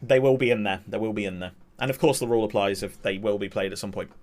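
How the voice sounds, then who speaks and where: A young man streaming a football match, calling the play-by-play and chatting with viewers in between. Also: quick pace. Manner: excitable play-by-play that surges in pitch at attacks, chatty asides to chat. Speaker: streamer and amateur match commentator. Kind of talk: live watch-along commentary mixed with reading chat.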